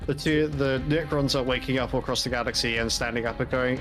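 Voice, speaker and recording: A man's voice: mid-range voice, fairly even intonation, fairly quick, fairly bright tone, soft background music. Wry, rambling man chatting. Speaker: stream co-host, hobby painter. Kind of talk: casual chat.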